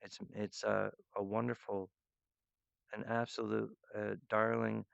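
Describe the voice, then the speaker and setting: A man rambling earnestly and emotionally to his viewers, halting often with restarts and fillers. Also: on the low side, completely flat delivery, creaky, clean tone, no room sound, lo-fi sound. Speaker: artist addressing viewers. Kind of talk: rambling direct-to-camera monologue.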